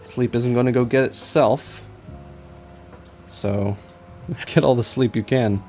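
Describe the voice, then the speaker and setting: A man's voice: mid-range voice, slow pace, warm tone, soft background music. A young man chatting casually on a drawing stream, rambling and stammering, joking at his own expense. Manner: rambling, self-mocking, stammers with repeated I's. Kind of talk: casual live-stream chat while drawing.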